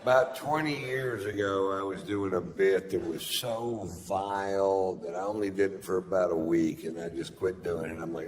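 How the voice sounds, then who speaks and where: A man with a very deep, low-pitched voice tells a stand-up story on a comedy stage, loose and unhurried, dropping profanity as he goes. The live recording carries a constant background noise under his handheld mic. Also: long reverb tail. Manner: profane, laid-back anecdotal delivery.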